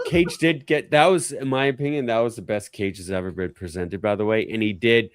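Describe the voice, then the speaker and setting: A man's voice: fairly low pitch, fairly quick, hardly any pauses, clear, resonant tone, no room sound. Man telling wrestling gossip, dry sound. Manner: profane, animated storytelling. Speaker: podcast co-host. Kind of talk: casual chat.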